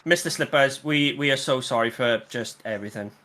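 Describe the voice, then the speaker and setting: A man's voice: medium pitch, a little fast, sharp tone. A man as a guest judge on a live stream, teasing the host in a dry, casual way.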